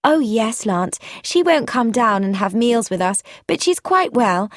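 A woman voicing an excitable, eager young woman in a read-aloud story. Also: on the high side, unhurried, no room sound, clean studio sound, voice pushed up.

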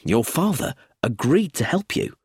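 A man reading a storybook, voicing a calm male police inspector who explains things in a measured, matter-of-fact way. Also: low voice, husky, no echo, clean studio sound, full character voice. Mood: firm.

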